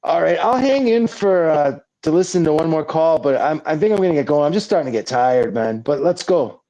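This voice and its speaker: A man's voice: on the high side, expressive, a little fast, mellow, rough recording. Easygoing man in casual fight chat.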